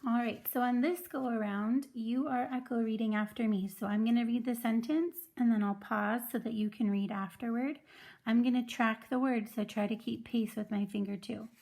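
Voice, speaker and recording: A woman teaching first grade in an online video lesson, clear and patient as she explains step by step. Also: on the high side, steady tone, normal speed, a little mellow.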